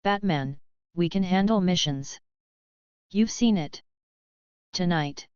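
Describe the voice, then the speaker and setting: A woman's voice: lowish voice, slow pace, darkish tone, clear, resonant tone, no room sound, highs cut off. A woman voicing a defiant teenage boy sidekick speaking firmly.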